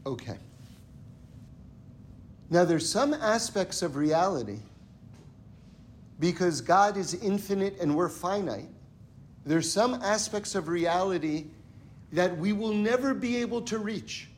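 A man with a high voice gives a Torah lesson in a conversational storytelling style. He keeps checking in with his listeners and acts out the characters in his tales. A faint hiss sits under the voice. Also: lively intonation, takes it slowly, long pauses. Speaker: Torah teacher.

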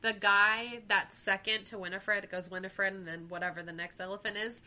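A woman's voice: medium pitch, fairly even intonation, moderate pace, bright, forceful tone. A young woman co-hosting a casual movie podcast, chatty and giggly, often quoting lines from films. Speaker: podcast co-host.

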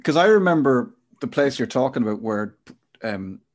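A man's voice: mid-range voice, animated, moderate pace. A middle-aged man hosting a casual chat podcast, telling a reflective, rambling story. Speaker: podcast host.

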